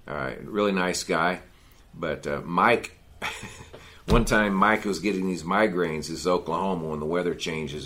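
A man's voice: sits low, a bit bright. A man teaching a men's Bible study in a folksy, conversational sermon style, often adding "you know" and "see".

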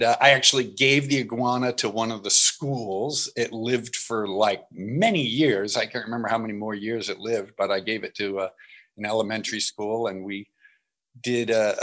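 A man's voice: fairly low pitch, normal speed. A man, an actor guest in an interview, telling anecdotes with laughs and acted-out quotes. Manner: animated, laughing, acts out quotes.

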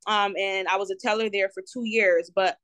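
A woman's voice: medium pitch, moderate pace, no echo. Chatty New Jersey woman in her twenties. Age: 20s. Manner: lively, chatty, slangy with frequent ums. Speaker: guest entrepreneur. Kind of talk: casual interview.

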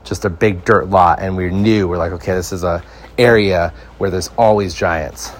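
A man's voice: low voice, fairly even intonation, moderate pace. A young man from California hosting a podcast, telling rambling comic stories in casual, swearing slang. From California, United States. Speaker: podcast host.

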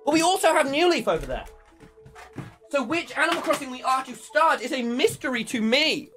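A young man livestreaming from his room, chatting casually in an excitable, swearing, rambling way. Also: very high-pitched, fairly quick, faint music behind. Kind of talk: casual chat.

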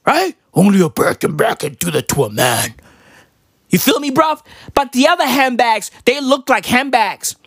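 A man's voice: very high-pitched, big pitch swings, normal speed, a bit bright, no echo, clean studio sound. A young man ranting in a brash, profane, slangy stand-up comedy style.

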